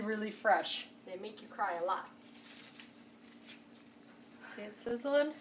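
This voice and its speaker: A woman's voice: mid-range voice, animated, slow pace, pauses often. A woman hosting a home cooking video, chatty and enthusiastic, talking straight to the viewer as she cooks. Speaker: home cooking show host. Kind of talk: casual cooking demonstration. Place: home kitchen. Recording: distant camera mic, kitchen noise. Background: cooking sizzle and utensil clatter.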